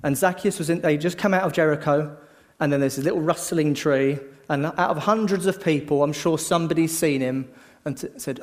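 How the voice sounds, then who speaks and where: A middle-aged man preaching a sermon, telling the story lively and acting out the voices of a crowd. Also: on the high side, a little fast, big-room sound.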